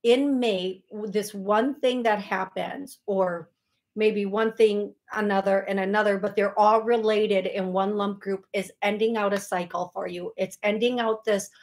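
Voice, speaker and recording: American lady psychic on call-in radio, takes her time, mid pitch, jokes at herself. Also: steady tone. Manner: unhurried, self-deprecating, laughs easily. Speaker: psychic medium radio host.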